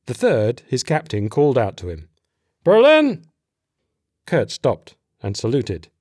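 Man with steady audiobook narration. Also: fairly low pitch, moderate pace, slightly rough, no echo, studio quality.

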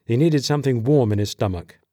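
A man narrating an audiobook in a steady, measured voice. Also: mid-range voice, dry recording, clean studio sound.

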